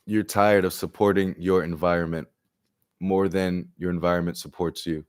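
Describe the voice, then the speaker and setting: Animated, swearing male tarot reader. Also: moderate pace, clear, resonant tone. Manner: animated and profane, acts out exchanges with big jumps in pitch and loudness; slangy and joking. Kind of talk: live-streamed collective tarot reading.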